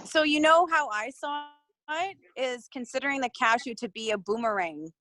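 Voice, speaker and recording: A woman's voice: high-pitched, lively intonation, normal speed, pushed and bright, no echo. A woman chatting on a video call, asking questions in a curious, amused way. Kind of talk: casual chat on a video call.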